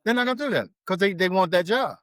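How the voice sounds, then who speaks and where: A man's voice: high voice, fast, no echo. A man talking as a marriage coach on a podcast, acting out his clients' words in quotes as he tells stories. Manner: animated, acts out clients' lines in quotes. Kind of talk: podcast conversation.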